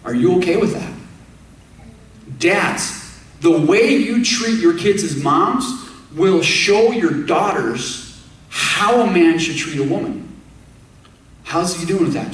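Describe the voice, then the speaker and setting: A man's voice: high-pitched, a bit bright, recorded from a distance. A man preaching a sermon, emphatic, putting direct questions to his congregation. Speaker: pastor. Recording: echoey room, speaker away from the mic.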